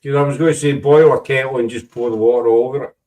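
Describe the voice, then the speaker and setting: A man's voice: mid-range voice, fairly even intonation, fast, a little mellow, low-quality recording. A man, hosting a casual chat and rambling through stories with many asides. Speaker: podcast host.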